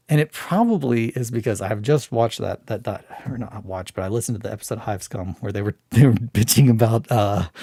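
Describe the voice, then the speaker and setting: A man's voice: mid-range voice, darkish tone, no room sound, clean studio sound. A man hosting a hobby stream, talking in a casual, rambling way, restarting sentences and swearing freely.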